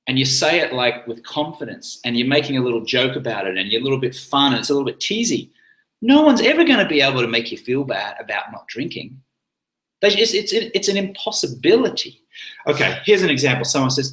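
Lively male coach, talks casually, acts out example lines, roomy echo. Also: mid-range voice, fairly quick. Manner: animated, acts out sample lines in different tones. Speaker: sobriety coach.

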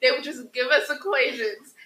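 A woman's voice: high voice, normal speed, bright, forceful tone, slightly rough, low-quality recording. A teenage girl co-hosting a casual group podcast, telling stories dramatically and acting out the dialogue she quotes. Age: teens. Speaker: podcast co-host, high school student. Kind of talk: casual group chat, storytelling.

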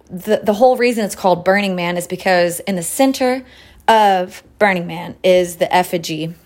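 A woman in her late twenties hosting a solo podcast, talking loosely and profanely with lots of fillers, relaxed as she sips tea between thoughts. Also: mid-range voice. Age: late 20s. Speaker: podcast host. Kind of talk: casual solo chat.

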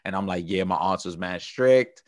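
A man's voice: deep voice, normal speed. Young Brooklyn man telling stories. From Brooklyn, New York. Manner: loose, animated storytelling with slang and laughter. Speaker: podcast co-host. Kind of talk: casual chat, storytelling.

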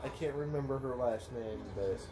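A man's voice: mid-range voice, moderate pace, reverberant, noisy background. A man co-hosting a film reaction podcast, dropping dry wisecracks in casual chat.

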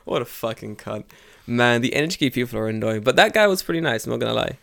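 A man tells a story on a casual podcast. He swears freely and jumps into the voices of the people in his tale. His pitch sits right in the middle. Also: lively intonation, fast talker, vocal fry, fairly bright tone. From England. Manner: profane, storytelling, acts out quoted voices. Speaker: podcast co-host. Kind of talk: casual chat.

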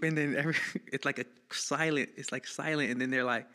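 A man casually telling a childhood story, animated and profane, acting out the people he quotes in a raised voice. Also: fairly high pitch, fairly quick, few pauses.

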